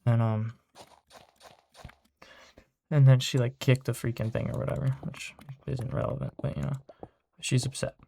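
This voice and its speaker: A man's voice: medium pitch, flat delivery, normal speed, vocal fry, pauses often, mellow, slight background noise. A young man telling a casual story in a rambling way, with lots of fillers and swearing, still shaken and upset. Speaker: vlogger.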